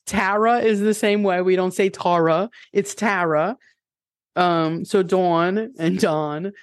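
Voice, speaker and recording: A woman with a New York accent hosting a casual chat over a headset, telling lively stories and laughing often. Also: lowish voice, slow, dry recording, studio quality. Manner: animated storyteller, laughs often. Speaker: podcast host.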